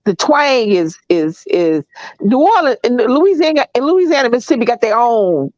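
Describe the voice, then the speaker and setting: A blunt, opinionated woman with a Southern US accent holds forth in casual chat and drags words out to make a point. Her voice sits a little high. The sound is dry and a bit dull. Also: sing-song, darkish tone, no room sound. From American South. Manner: blunt, opinionated, drawn-out emphasis. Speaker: co-host.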